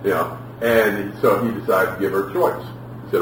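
A man preaching a sermon, telling lively stories and acting out the people in them. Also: lowish voice, normal speed, slight background noise. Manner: animated storytelling, acts out quotes. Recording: echoey room, from far off.

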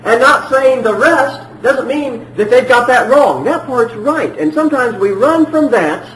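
Emphatic high-voiced male preacher. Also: animated, measured pace, roomy sound, a little hiss or hum, rough recording. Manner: emphatic, repeats phrases, swings between loud and hushed. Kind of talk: sermon.

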